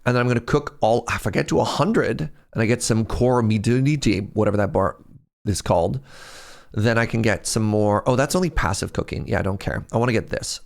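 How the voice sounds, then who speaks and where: A man's voice: fairly low pitch, brisk, gravelly, darkish tone. A man streaming a game, chatting casually, telling stories and laughing often between moves. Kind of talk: casual gameplay chat.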